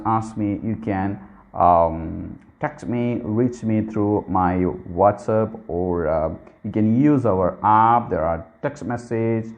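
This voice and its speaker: A man's voice: fairly low pitch, darkish tone, lo-fi sound. A man teaching everyday English phrases in a casual spoken lesson, explaining patiently and checking understanding with "okay?" His phrasing is not that of a native speaker.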